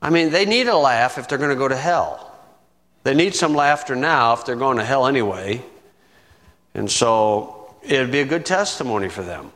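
Male preacher, conversational sermon, chuckling asides, drawn-out key words, long room reverb. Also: mid-range voice, animated, fairly bright tone. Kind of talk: sermon, verse-by-verse Bible teaching.

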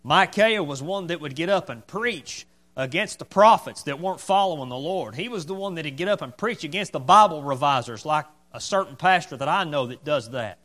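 Animated man preaching a sermon. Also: on the high side, fairly quick, hardly any pauses. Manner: emphatic, repeating points for stress. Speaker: pastor.

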